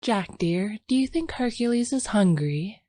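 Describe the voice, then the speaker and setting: A woman voicing an anxious young wife in wartime Paris, her pitch raised and pleading, recorded dry and close. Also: lively intonation, a little slow, dark tone, no echo. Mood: nervous.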